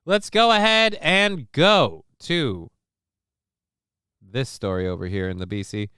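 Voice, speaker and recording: A man's voice: medium pitch, slow, bright, forceful tone, clear, resonant tone, no room sound, studio quality. A man hosting a casual livestream, joking loosely and with profanity while reading out viewer comments. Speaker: livestream show host.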